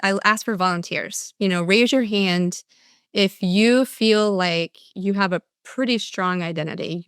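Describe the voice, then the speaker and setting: Older woman with a smooth earnest voice. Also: medium pitch, fairly bright tone, no echo, studio quality. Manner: earnest, repeats and restarts, acts out audience answers. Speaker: speaker and coach. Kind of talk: motivational talk.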